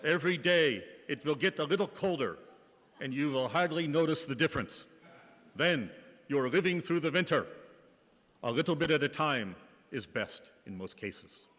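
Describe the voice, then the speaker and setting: A man voicing a kindly old German nun, speaking gently with a German accent and giving calm, matter-of-fact advice. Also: a little high, moderate pace. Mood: gentle. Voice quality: gentle, kind. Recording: reverberant church hall.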